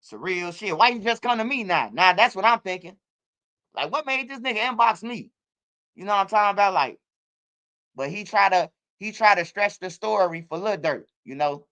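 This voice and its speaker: A middle-aged man riffs in casual streaming commentary. His voice sits high and sounds bright and smooth. He drifts loosely from point to point and keeps dropping in bro and man. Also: expressive, normal speed. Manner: loose, streetwise, repeats words like bro and man. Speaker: commentary channel host.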